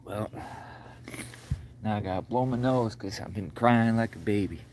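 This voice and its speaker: Middle-aged guy on a livestream, low voice, folksy rambling, all choked up talking to chat. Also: moderate pace, background noise. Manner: rambling, folksy, calls viewers brother and sir; choked up, voice breaking. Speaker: livestream host.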